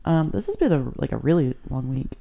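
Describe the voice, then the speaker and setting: A woman's voice: extremely low pitch, big pitch swings, a little fast, vocal fry, dark tone, slight background noise. A woman co-hosting a podcast in casual chat among friends, swearing freely and laughing often. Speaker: podcast co-host.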